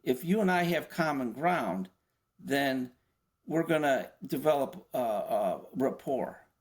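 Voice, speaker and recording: An older man, a former FBI agent being interviewed, explaining in a conversational way, often posing rhetorical questions and stumbling into quick restarts. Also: mid-range voice, expressive.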